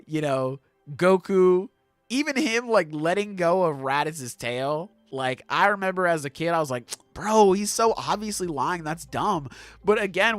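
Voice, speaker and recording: A young adult man hosting a podcast in casual chat, animated, swearing and laughing often. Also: fairly high pitch, no echo. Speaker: podcast host.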